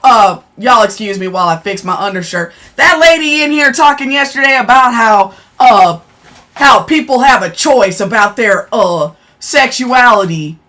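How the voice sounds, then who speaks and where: A woman's voice: on the high side, lively intonation, normal speed, a bit bright. Blunt, fiery woman streamer. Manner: blunt, profane, talks back to chat. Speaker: live stream host. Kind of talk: casual live-stream rant.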